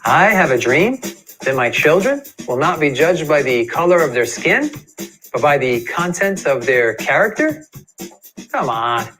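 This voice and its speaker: A man's voice: a little high, big pitch swings, moderate pace, a bit bright, soft background music, low-quality recording. A man delivering a scripted coaching video in a punchy, upbeat way. He speaks straight to the viewer with direct, confident advice. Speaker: communication coach. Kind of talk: scripted online video talk.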